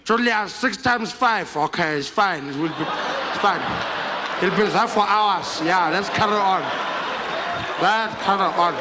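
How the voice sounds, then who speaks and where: A man doing a slow chuckling old statesman. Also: on the high side, sharp tone. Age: 90s (figure). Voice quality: slow, halting, chuckling delivery. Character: elderly male former president, slow, chuckling, teasing.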